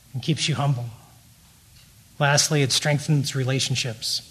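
A middle-aged man giving a prepared teaching talk at a faith-based recovery meeting, in a measured and earnest way. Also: on the high side.

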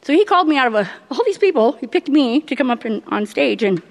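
A middle-aged woman giving a personal faith testimony, earnest and halting, laughing often as she tells it. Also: high voice, sing-song, in a large hall. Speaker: church member giving testimony.

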